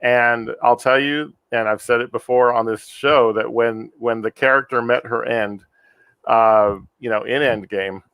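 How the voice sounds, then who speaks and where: A man hosting a movie review podcast, steering the talk in a measured way. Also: medium pitch, steady tone, fairly bright tone, smooth, dry recording. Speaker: podcast host. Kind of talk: casual movie review chat.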